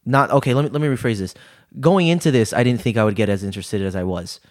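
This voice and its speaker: A man's voice: medium pitch, fast. Casual rambling young man, swearing freely. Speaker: podcast co-host. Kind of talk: casual chat.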